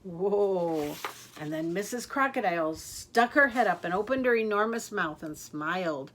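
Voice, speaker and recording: An older woman reading a children's picture book aloud in a lively, expressive way. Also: medium pitch, unhurried. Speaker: storyteller. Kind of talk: children's story read-aloud.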